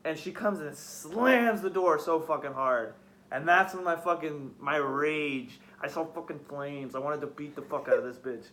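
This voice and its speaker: A man's voice: fairly high pitch, normal speed, a bit bright. A young man hosting a podcast, telling a story in casual, profane, heated chat. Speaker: podcast host.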